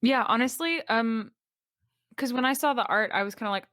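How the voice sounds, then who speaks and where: A woman's voice: on the high side, moderate pace, a bit bright, dry recording, clean studio sound. A woman guest on a podcast, talking enthusiastically in casual chat, rambling with many fillers.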